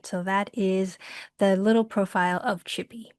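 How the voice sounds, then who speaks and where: A woman's voice: mid-range voice, fairly even intonation, normal speed, dry recording, studio quality. Upbeat chatty woman teaching art. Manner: chatty and upbeat, laughs often, with many fillers. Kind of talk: casual online workshop lesson.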